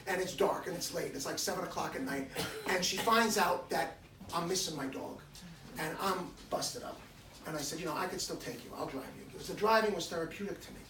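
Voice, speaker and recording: Before a crowd of listeners at an indoor hair salon gathering, a dog owner speaks fairly quickly in a slightly high voice, delivering emotional remarks and acting out the dialogue of his personal story with animation. He's recorded from a distance in an echoey room with a noisy background.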